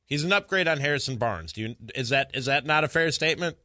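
A man's voice: medium pitch, expressive, quick pace, pushed and bright, no room sound, studio quality. A man co-hosting sports talk radio in easygoing banter, hesitating and restarting as he weighs in.

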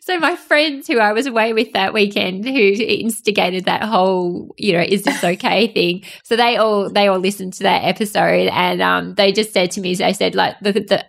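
Woman co-host, gravelly voice, emotional casual chat, laughs easily, hesitant. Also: mid-range voice, normal speed, hardly any pauses. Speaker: podcast co-host.

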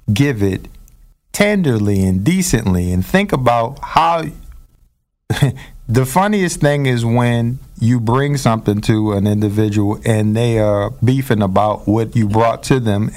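A man's voice: lowish voice, a little mellow. A man, talking playfully in casual conversation, fond of elaborate phrasing. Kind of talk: casual talk.

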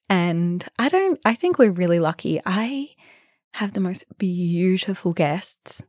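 A young woman hosting a podcast, telling stories in a chatty, animated way and sometimes dropping to a whisper. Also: lowish voice, slow, no echo, studio quality. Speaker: podcast host and B&B owner. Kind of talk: casual storytelling.

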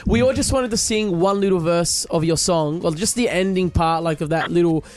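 A man's voice: sits high, moderate pace, darkish tone. A man co-hosting a podcast, cheeky and boastful in casual banter. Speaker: podcast co-host.

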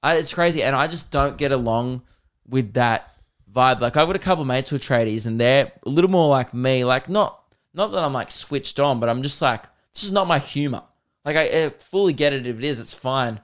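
An Australian man hosting a podcast, chatting casually and telling rambling stories with laughs and quick mimicry. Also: medium pitch, lively intonation. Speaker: podcast host and comedian. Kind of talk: casual chat.

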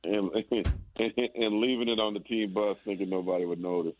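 A former basketball player chats casually, telling relaxed stories and often stammering and restarting his sentences. His voice is on the low side at a normal pace, with faint music in the background. The line sounds tinny, like a phone.

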